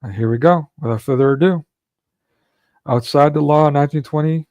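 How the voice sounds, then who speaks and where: A man's voice: a little high, normal speed, mellow, no room sound. A man hosting a livestream, telling a long rambling story in casual chat with frequent restarts and fillers. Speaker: livestream host.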